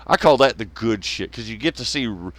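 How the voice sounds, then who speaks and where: A man's voice: on the low side, lively intonation, fairly quick, no echo. A man hosting a solo commentary show, rambling, swearing a lot and laughing at his own jokes. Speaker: podcast host.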